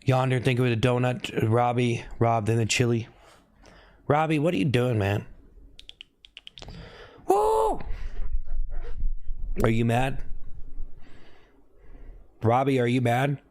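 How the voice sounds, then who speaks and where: A man's voice: medium pitch, steady tone, measured pace, long pauses, a little mellow. A young man hosting a casual livestream, teasing viewers by name and repeating his jokes. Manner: teasing, repeats himself, calls out chat names. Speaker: livestream host.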